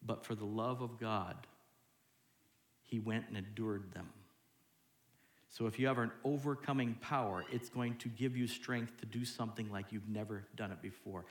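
A man preaching a sermon as pastor, dropping to hushed tones and then jumping loud and high as he acts out what people say to God. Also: steady tone, moderate pace, roomy sound. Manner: acts out quoted voices, swinging from hushed to loud.

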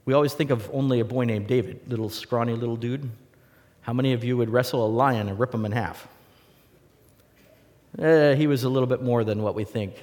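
A man delivers a sermon in a lively, storytelling way, slipping into the voices of the people he describes. His voice sits at a middle pitch. The sound rings with the long reverb of a large hall. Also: fairly quick. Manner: animated storytelling, acts out voices. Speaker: preacher.

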